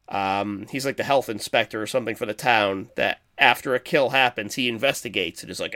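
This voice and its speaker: A man co-hosting a podcast in casual chat, rambling and animated as he retells movie scenes. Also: medium pitch, brisk, few pauses. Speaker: podcast co-host.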